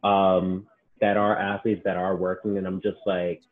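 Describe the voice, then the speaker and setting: A man's voice: sits low, unhurried. A man who works as a personal trainer, chatting casually and acting out what his clients told him. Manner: animated storyteller, acts out clients' quotes. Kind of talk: casual podcast chat. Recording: tinny phone-like sound.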